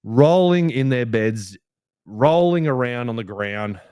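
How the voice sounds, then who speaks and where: A young Australian man hosting a fan podcast, ranting heatedly with plenty of swearing, a little rough from a hangover. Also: mid-range voice, takes it slowly, no echo, clean studio sound. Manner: heated, sweary rant with lively swings. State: hungover, rough voice. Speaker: podcast host. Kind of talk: fan podcast match review.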